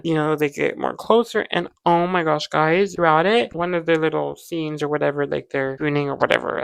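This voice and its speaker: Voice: mid-range voice, vocal fry, fairly bright tone, clear, resonant tone, no echo. A podcast host in casual pop-culture chat, gushing and rambling with lots of "like" and restarts. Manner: gushing, rambling, heavy use of "like".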